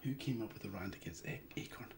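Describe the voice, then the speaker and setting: A man's voice: fairly low pitch, fast talker, background noise. A man from the Isle of Lewis with a Scottish accent, hosting a casual livestream and answering viewer questions in a rambling, hesitant way full of fillers. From Isle of Lewis, Scotland. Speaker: livestream host, hobbyist hardware maker.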